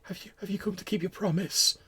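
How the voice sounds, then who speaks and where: A man's voice: high voice, fairly even intonation, fast, sharp tone, husky, voice pushed up, exaggerated voice. A man voicing a frail, bewildered old man in a care home bed who stammers and pleads tearfully. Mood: frail pleading.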